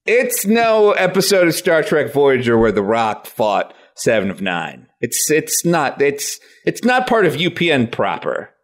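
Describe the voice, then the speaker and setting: A man co-hosting a comedy podcast, riffing in animated, ranting bits. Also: fairly high pitch, unhurried, hardly any pauses. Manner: animated, riffing, swings into silly voices and rants. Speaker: podcast co-host and guest. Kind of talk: casual comedic podcast banter.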